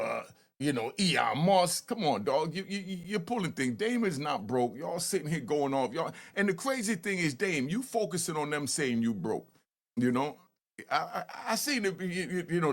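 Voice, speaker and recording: A man in his fifties from Harlem with a New York accent, hosting and telling stories in a loose, animated way, often stammering on restarts. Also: on the high side. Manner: animated, repeats "you know what I mean", stammers on restarts. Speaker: host. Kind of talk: casual storytelling commentary.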